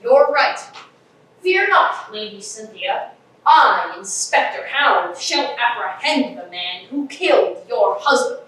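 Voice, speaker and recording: A woman playing a pompous bumbling male inspector, high and lively. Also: takes it slowly, heavily acted. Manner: theatrical, grandiose, declamatory. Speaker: student actor in a school stage play. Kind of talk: live stage play acting. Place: school theatre stage. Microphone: distant room mic. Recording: echoey hall from far off, faint hiss.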